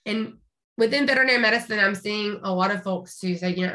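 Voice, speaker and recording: A woman's voice: medium pitch, fast talker, sharp tone. A woman in her thirties from rural East Tennessee, a veterinarian chatting as a podcast guest with an upbeat, talkative manner. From rural East Tennessee, Appalachia. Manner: chatty, upbeat, frequent restarts and laughs. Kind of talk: casual interview chat.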